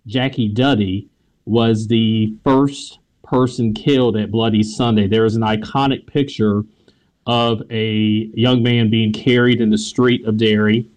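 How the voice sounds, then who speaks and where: A man with a Southern American accent tells a story as a radio interview guest. He is animated, laughs often and sometimes stumbles over repeated words, in an ordinary mid-range voice. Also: mid-range voice. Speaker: author, history teacher.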